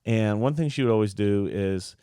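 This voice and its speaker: Low-voiced man rambling, dry sound. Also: moderate pace, mellow, clean tone, no echo. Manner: rambling, filler-heavy storytelling. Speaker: podcast co-host and musician. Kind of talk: casual podcast chat.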